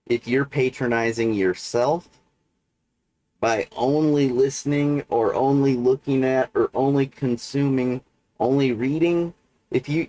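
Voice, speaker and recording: On his livestream, a man rambles through a monologue full of filler words, often checking in with "right?" His voice is mellow and mid-range.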